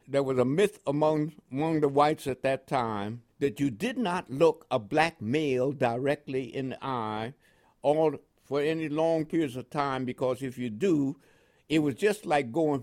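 A man's voice: medium pitch, darkish tone. An older man from Panama with a New York accent touched by West Indian inflections, telling his life story in an interview and chuckling often. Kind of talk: oral history storytelling.

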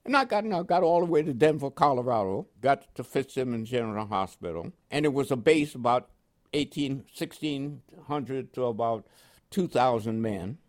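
In an oral history interview, an older man from Panama narrates his life in a mid-range voice at normal speed. He has a New York accent with West Indian touches, and his first language is French. As a storyteller he's animated, bringing quoted voices to life.

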